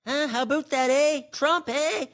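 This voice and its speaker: Man putting on a mocking high voice. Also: a little slow, fairly bright tone, exaggerated voice. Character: mocked Canadian crowd, man, pleading, sing-song.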